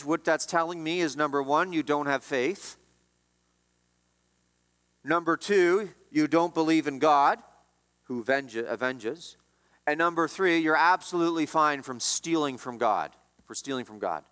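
Male pastor mid-sermon, slightly high voice, emphatic rises and drops, echo of a big church hall. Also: unhurried, fairly bright tone. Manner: emphatic preaching, rising and dropping in pitch and volume.

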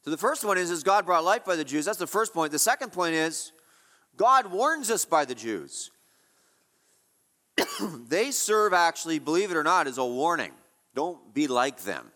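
A man's voice: high-pitched, big pitch swings, normal speed, pauses often, bright, forceful tone, long reverb tail. A man preaching an expository sermon, emphatic and rhetorical, asking questions and repeating key phrases.

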